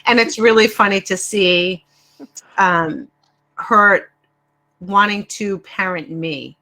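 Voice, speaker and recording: A woman's voice: mid-range voice, slow pace, bright, forceful tone. Chatty middle-aged woman. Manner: chatty, with many fillers and amused asides. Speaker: podcast co-host. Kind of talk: casual chat.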